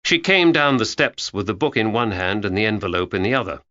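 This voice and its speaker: Male audiobook narrator, bright and lively, with a dull, lo-fi sound. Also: on the low side, brisk, dry recording. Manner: expressive storytelling. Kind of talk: scripted narration.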